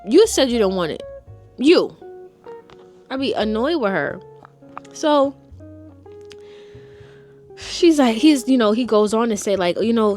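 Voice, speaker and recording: Brief: young woman vlogger, fairly high voice, sassy and exasperated, soft music under her. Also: lively intonation, unhurried, long pauses. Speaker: TV review vlogger. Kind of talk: casual chat.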